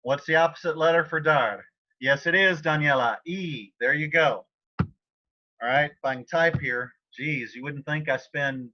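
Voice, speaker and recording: A man teaching a Spanish class online, talking informally and often clearing his throat. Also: fairly high pitch, muffled recording.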